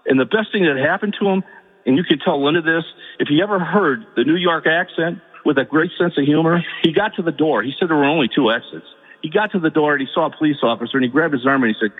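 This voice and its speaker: A man calls in to a radio talk show, his husky voice thin and tinny over the phone line with a long reverb tail. He stumbles and repeats words as he goes, and his tone climbs to pleading. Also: on the high side, fast. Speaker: caller. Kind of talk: emotional call-in story.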